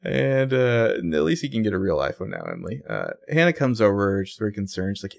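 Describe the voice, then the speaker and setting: A man with a low, gravelly voice leans back into loose, casual chat as a podcast co-host. He talks in a relaxed way, laughs easily and drops a curse now and then. His voice sits low and rough throughout. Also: a little fast, hardly any pauses. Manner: laid-back, laughs often, swears casually. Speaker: podcast co-host recapping a TV episode.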